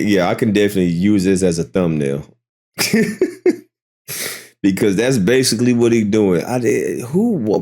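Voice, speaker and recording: A man's voice: on the low side, darkish tone. A man reacting to a clip in casual commentary, incredulous and mocking, swearing freely.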